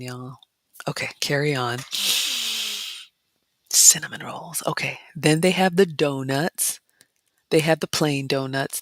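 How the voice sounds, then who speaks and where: A woman vlog host walking viewers through a brunch buffet, chatting casually, reading comments aloud and often dropping into soft excited whispers. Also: low-pitched, dry recording, studio quality. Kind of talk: casual live-stream walkthrough.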